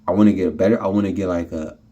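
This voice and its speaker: A man with a very low, husky voice vents into his phone from his apartment. He rambles with lots of fillers, laughs a lot and sounds frustrated. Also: steady tone, rapid-fire, dark tone, dull audio. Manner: laughing often, frustrated, many fillers and restarts. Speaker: vlogger. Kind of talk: casual rambling vlog.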